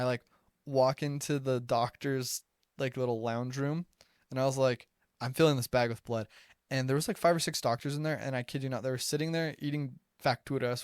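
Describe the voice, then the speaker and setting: A man's voice: medium pitch, smooth, no room sound, clean studio sound. A young American man casually telling stories on a podcast, chatty and full of "like.". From United States. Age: young adult. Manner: chatty, filler-heavy, says "like" often. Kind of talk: casual storytelling. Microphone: close podcast microphone.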